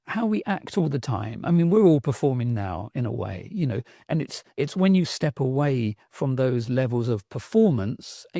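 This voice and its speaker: Warm, dry-sounding London man. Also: mid-range voice, no room sound. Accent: South London. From England. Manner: enthusiastic, reflective storyteller with restarts. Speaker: guest, sound artist. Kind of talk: conversational podcast interview.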